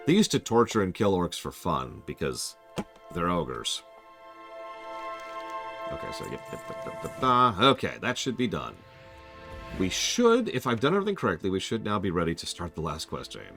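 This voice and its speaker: A man's voice: low-pitched, normal speed, music in the background. A man streaming a game, chatting casually and joking while he plays. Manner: lively, joking, self-correcting. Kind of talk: casual gaming commentary.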